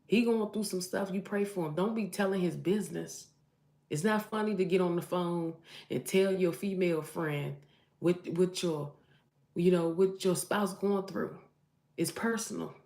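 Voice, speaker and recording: A woman's voice: on the low side, a little mellow. A woman, a mother and vlogger, giving emphatic motivational advice to her camera and repeating phrases for emphasis. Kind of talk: preachy motivational talk to camera. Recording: roomy echo.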